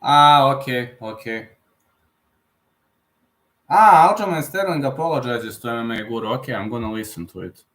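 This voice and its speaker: A man talks casually on his live stream at a middle pitch, rambling and repeating himself. His English has non-native phrasing. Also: animated, moderate pace, long pauses, fairly bright tone. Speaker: streamer host.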